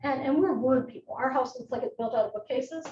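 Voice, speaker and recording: A middle-aged woman giving a live educational talk as a nurse presenter, chatty and animated, with personal asides. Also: high voice, brisk. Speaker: psychiatric nurse practitioner, presenter. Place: presentation room. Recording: echoey room, distant mic, muffled, faint noise.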